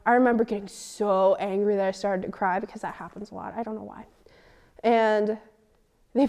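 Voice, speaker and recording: A teenage girl telling a personal story in an interview, animated and indignant, acting out the dialogue. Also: a little high. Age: teens. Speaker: student interviewee.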